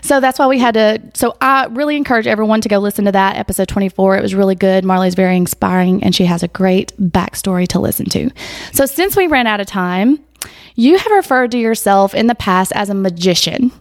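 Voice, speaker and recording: A woman hosting a casual podcast interview on a phone mic, chatty and quick to laugh, her voice a little worn from a recent illness. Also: medium pitch, no room sound, studio quality. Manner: chatty, laughs often, says y'all. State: recovering voice after illness. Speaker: podcast host. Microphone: iPhone.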